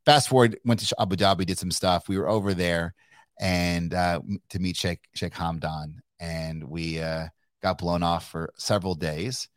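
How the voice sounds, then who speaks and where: Deep-voiced, swearing storyteller from Kentucky. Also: male voice, normal speed, no room sound, studio quality. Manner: animated, profane, laughs mid-story, many restarts. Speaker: guest entrepreneur. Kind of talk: casual storytelling interview.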